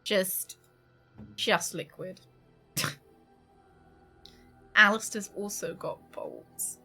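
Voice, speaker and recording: Give me a bright, sing-song woman chatting on a home stream and baby-talking her dog. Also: mid-range voice, wildly swooping pitch, drawn-out words, gravelly, slightly rough, soft background music. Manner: chatty, laughs often. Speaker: game streamer. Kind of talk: casual live-stream chat.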